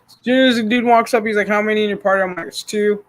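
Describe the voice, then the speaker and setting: A woman hosting a casual chat stream, telling stories in a profane, animated way with lots of quoted dialogue. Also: medium pitch, fast. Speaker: streamer host.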